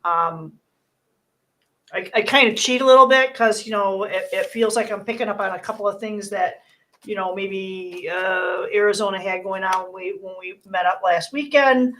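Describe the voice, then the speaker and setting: A woman in mid pitch talks a guest through her oracle cards, earnest and reassuring. She circles back and restarts her phrases as she reads, in a relaxed conversational tone. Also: normal speed. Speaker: host giving a card reading. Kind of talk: casual spiritual card reading.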